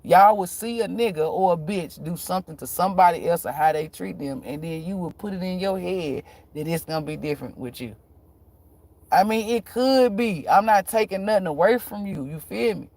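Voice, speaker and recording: A man's voice: high voice, moderate pace, a little mellow. A man talking casually to his viewers, telling a story in a blunt, profane, frank way with frequent laughs. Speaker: tarot reader vlogger.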